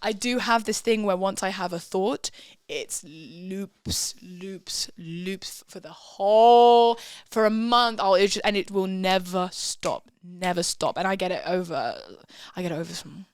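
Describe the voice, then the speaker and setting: A woman's voice: mid-range voice, a little slow, no room sound, studio quality. A young woman, a guest musician chatting candidly and self-deprecatingly on a podcast. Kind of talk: casual podcast chat.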